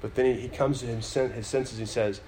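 A male pastor preaches in a casual, chatty manner, leaning on fillers as he talks through his point. His pitch sits in a middling range for a man. Faint ambient noise hums under his voice. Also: steady tone, brisk, mellow. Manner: conversational preaching, many fillers, building emphasis. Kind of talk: sermon.

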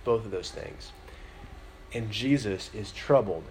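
A man's voice: lowish voice, lively intonation, takes it slowly, a little mellow, a little hiss or hum. A man giving a sermon in a conversational style, full of fillers and restarts, now and then building to an emphatic point. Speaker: pastor.

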